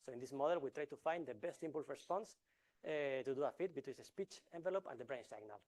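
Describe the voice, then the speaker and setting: A man presenting a research talk in an academic lecture style, explaining step by step with frequent filler sounds, restarts and deliberate pauses. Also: medium pitch, a little mellow.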